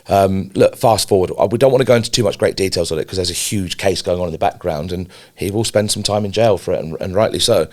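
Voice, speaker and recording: Brief: man, fast, animated storytelling, cursing, lower-pitched voice. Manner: animated storyteller, swears freely, repeats words when worked up. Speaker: podcast co-host. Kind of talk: casual business podcast chat.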